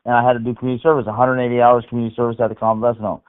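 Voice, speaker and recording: A man's voice: medium pitch, very fast, clear, resonant tone. Man telling a story over a phone line. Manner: animated, profane storytelling. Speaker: caller.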